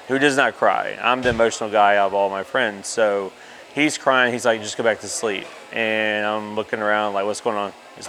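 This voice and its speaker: Lower-voiced man telling his story. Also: fairly bright tone. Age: 30s. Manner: candid, emotional storytelling with many fillers. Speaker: interviewee. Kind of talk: personal story in an interview.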